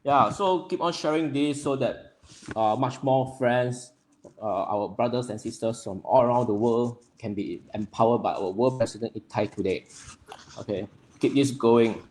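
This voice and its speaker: A young man from Nepal, hosting a livestream and greeting viewers by name in a friendly, halting way full of fillers. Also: mid-range voice, a little mellow, a little hiss or hum. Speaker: livestream host.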